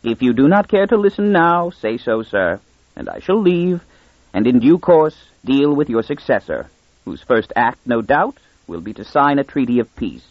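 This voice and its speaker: A man plays an aged, unflappable minister answering a furious ruler, with a soft, measured voice. The tone is husky, the recording muffled and dry, and the pitch moves in a lively way. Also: no room sound. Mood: calm. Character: very old calm male first minister.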